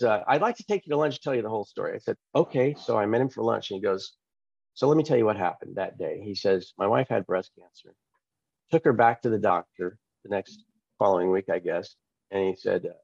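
Lively low-voiced man telling a story. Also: gravelly, slightly rough, dry recording, muffled recording. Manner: animated, acts out quoted dialogue. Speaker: pastor and author, guest. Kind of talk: storytelling testimony in an interview.

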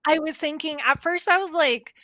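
A woman co-hosting a casual chat show, animated and thinking aloud as she reads out facts. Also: high voice, moderate pace, dry recording. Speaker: podcast co-host.

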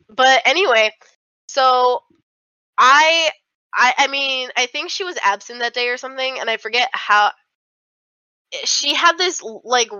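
Young woman podcast co-host, chatty storyteller, bright voice, dry dull mic. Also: on the high side, clean tone, dry recording. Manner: fillers, swearing, animated retelling. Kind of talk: casual storytelling chat.

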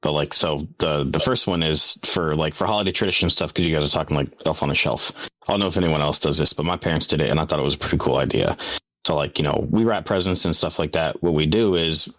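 Deep-voiced guy rambling and cussing through family stories, dry close sound. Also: fast talker, a bit bright, no echo. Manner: rambling, swearing storyteller who laughs a lot. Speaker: podcast co-host. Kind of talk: casual chat.

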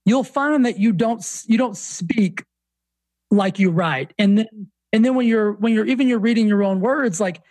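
High-voiced Southern man, animated storyteller. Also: normal speed, no echo. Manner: animated storyteller, many restarts. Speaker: guest, fitness coach and author. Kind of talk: casual podcast interview.

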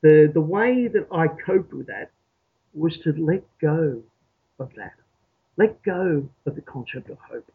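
A man from Australia telling his story as an interview guest, halting and repeating words as he thinks. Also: fairly high pitch, lively intonation, creaky, slightly rough. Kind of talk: reflective storytelling. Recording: tinny phone-like call audio.

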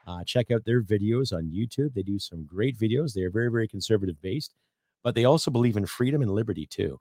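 A middle-aged Canadian man hosting his own podcast, ranting bluntly and profanely, swinging from loud outbursts to low muttering. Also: lively intonation, fast talker, a crowd in the background, noisy background. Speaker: podcast host. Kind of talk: opinionated rant.

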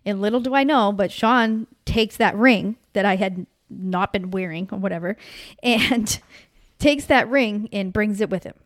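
A woman's voice: mid-range voice, a little slow, no room sound, clean studio sound. Chatty woman co-host, laughing easily. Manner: chatty, laughs often, says "anyways". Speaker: podcast co-host. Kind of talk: casual storytelling chat.

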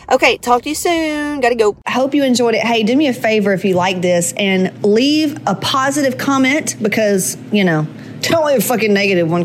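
A woman life coach in a podcast monologue, blunt, profane and preachy, pressing her points hard. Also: mid-range voice.

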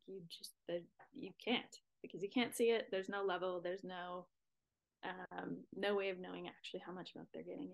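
A young woman speaking earnestly on a church podcast, halting, with many fillers and breathy near-whispers. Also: mid-range voice. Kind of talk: casual faith talk.

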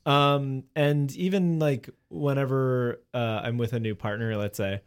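A man co-hosting a podcast in casual chat, rambling and animated, laughing as he talks. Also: mid-range voice, a little slow, clean tone.

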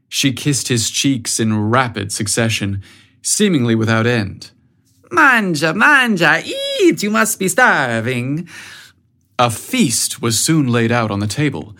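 A man narrating an audiobook story in a measured, even way. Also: medium pitch.

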